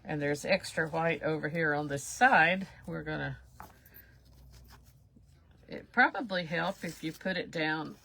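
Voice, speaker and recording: Woman, craft livestream host, slow unhurried talk, bright edgy tone, rambling and self-deprecating. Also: sits low, gravelly. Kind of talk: casual live craft demonstration.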